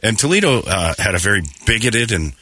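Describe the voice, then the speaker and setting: A man's voice: lowish voice, very animated, a little fast, pushed and bright. A man hosting a casual morning radio show, congested from allergies, loose and jokey in a studio.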